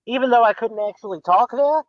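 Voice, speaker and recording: A high-voiced man from the United States talks as a podcast guest, rambling and restarting with frequent ums. His voice comes through a dull, lo-fi online call. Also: fairly quick, dry recording. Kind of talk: casual chat.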